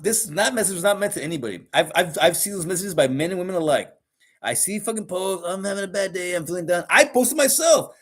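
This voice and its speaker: A man's voice: sits high, fairly bright tone, breathy edge. Blunt, profane man ranting. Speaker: podcast host. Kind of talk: casual ranting monologue. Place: live podcast recording.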